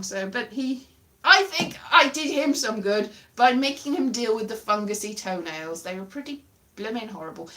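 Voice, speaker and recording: A woman's voice: fairly high pitch, pushed and bright. Lady rambling on camera, bouncy sing-song voice, keeps wandering off topic and laughing at herself. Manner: chatty, self-mocking, drifts off topic. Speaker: comedian vlogger. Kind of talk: rambling comic monologue. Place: very small room at home.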